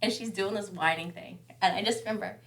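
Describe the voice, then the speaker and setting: A woman's voice: mid-range voice, fast talker. A woman in her thirties, a mother chatting on a podcast, telling stories with swearing and acted-out quotes. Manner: animated storyteller, swears, acts out quotes loudly. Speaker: guest, mother. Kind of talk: casual podcast chat. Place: podcast studio.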